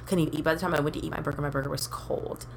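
A young woman co-hosting a podcast, telling stories in a profane, animated casual chat. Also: deep voice, racing, creaky, slight background noise. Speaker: podcast co-host.

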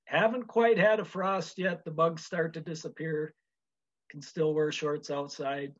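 A measured, unhurried man from Minnesota speaks as an interview guest, often pausing on "uh" fillers. His voice sits fairly high, and the audio comes through dull and lo-fi. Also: fairly even intonation. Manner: measured, with frequent uh pauses. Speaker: guest, wrestling official. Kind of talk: casual interview chat.

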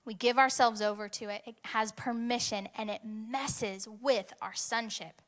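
Speaking a touch slowly in a fairly high voice, a young woman gives a sermon. She relates something from her own life in an animated way that swells into intense moments.

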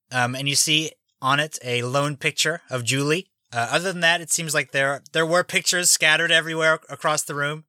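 A man's voice: fairly high pitch, pushed and bright, no room sound. A man narrating a tabletop game as game master, laid-back and often laughing as he describes scenes.

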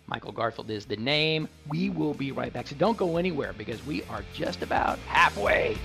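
A man's voice: mid-range voice, animated, moderate pace, vocal fry, pushed and bright, faint music behind. A man hosting a live tech radio show on location from a store, chatting enthusiastically with tangents and restarts. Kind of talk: live radio talk broadcast.

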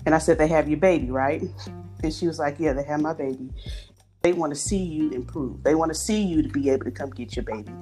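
A woman's voice: low voice, quick pace, faint music behind. A woman telling stories in a casual chat, acting out the voices of the people she quotes. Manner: animated, acts out quoted voices.

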